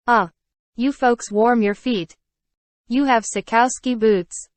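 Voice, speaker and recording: A woman's voice: fairly high pitch, slow pace, dry recording. Scornful ranting villain guy, hungry and bitter, dry close sound, woman reading him. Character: ferocious starving male innkeeper, bitter ruffian.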